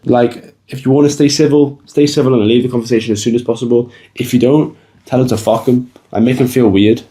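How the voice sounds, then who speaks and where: A young man who makes fitness vlogs gives casual, blunt advice straight to camera, cursing a lot and saying "bro" often. His voice is mid-range, steady, mellow, and a little fast.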